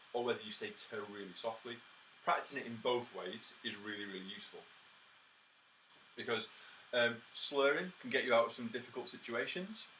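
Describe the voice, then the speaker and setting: In a forceful, bright voice on the low side, a man teaches a brass lesson, offering practice advice, counting beats, and sounding out rhythms with spoken "ta"s. Plenty of "uh" and "um" fill his practical, encouraging delivery, recorded from a somewhat distant mic with faint noise behind it.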